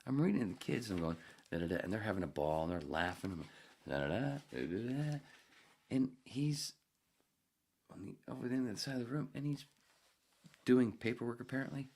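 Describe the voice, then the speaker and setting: Gravelly low-voiced man telling a profane story. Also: lively intonation, fairly quick, long pauses, a little mellow. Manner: gravelly, swears often, jumps into squeaky voices when quoting. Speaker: podcast host.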